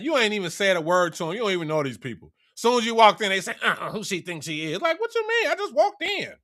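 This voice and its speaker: A man delivering an animated, profane motivational rant in streetwise slang. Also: sits high. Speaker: vlogger.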